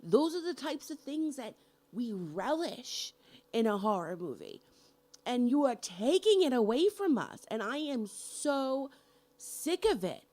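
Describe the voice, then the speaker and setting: A woman's voice: a little high, sing-song, unhurried, dark tone. A middle-aged woman vlogging a heated, profane rant about horror movies, hammering each point with emphasis. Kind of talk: angry movie rant to camera.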